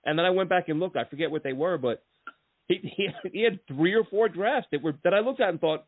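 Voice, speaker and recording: A man's voice: high-pitched, a little fast, no room sound. A man hosting a casual sports podcast, telling long rambling stories with lots of restarts and asides. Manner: rambling, animated storytelling with many restarts. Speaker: podcast host. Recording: tinny phone-line sound, dry.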